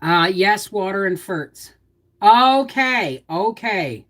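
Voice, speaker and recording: Woman, livestream host, folksy and chatty, lively rising-and-falling delivery. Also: fairly low pitch, measured pace. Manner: chatty, explains cooking and gardening while answering viewers' comments; folksy, down-to-earth. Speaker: homestead channel host. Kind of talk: casual livestream chat.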